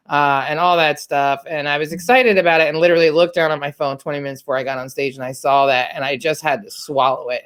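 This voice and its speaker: A woman's voice: deep voice, clear, resonant tone. A woman in her thirties from the Washington, D.C. area, a podcast host telling a personal story in a candid, chatty way, with plenty of fillers and casual swearing.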